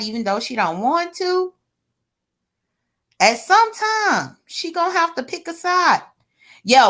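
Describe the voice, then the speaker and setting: A woman's voice: fairly high pitch, fairly bright tone. A woman giving casual, sassy gossip commentary to her viewers, chatty and exclamatory. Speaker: online drama commentator.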